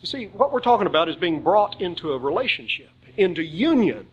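A man preaching a sermon, reading scripture slowly and emphatically and answering his own rhetorical questions. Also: sits high, big pitch swings, lo-fi sound.

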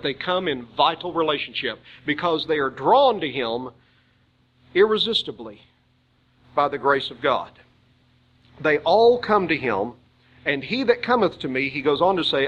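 A man preaching a sermon, reading scripture slowly and emphatically and answering his own rhetorical questions. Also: on the high side, a bit bright, lo-fi sound.

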